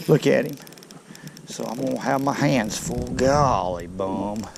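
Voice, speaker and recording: A man narrating his fishing trip from a boat on a river, excitable and talking straight to his viewers. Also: medium pitch, moderate pace, vocal fry, background noise. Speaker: fishing vlogger. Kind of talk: casual narration while fishing.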